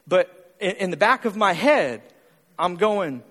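A man with a high, very lively voice preaching to his congregation, hammering his point home through repetition and pointed questions. His voice rings out with a long reverb, as if he were in a large hall. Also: measured pace. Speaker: pastor. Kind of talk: sermon.

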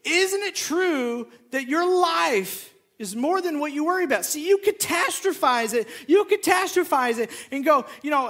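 Pastor guy preaching, really high bright voice, acts out little back and forth scenes. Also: normal speed, hardly any pauses. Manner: animated, acts out both sides of a dialogue. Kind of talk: sermon with storytelling.

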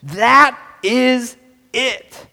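Man preaching, high voice, earnest, stammering restarts, long echoing hall. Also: extremely slow. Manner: earnest, repeats and restarts words, swings between soft and loud. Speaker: pastor. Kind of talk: sermon.

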